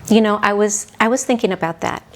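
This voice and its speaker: A woman in her sixties, a podcast guest, telling her own story in a halting, heartfelt way that often drops toward a whisper. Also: medium pitch, sharp tone. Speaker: podcast guest, mother of the hosts. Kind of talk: reflective personal storytelling.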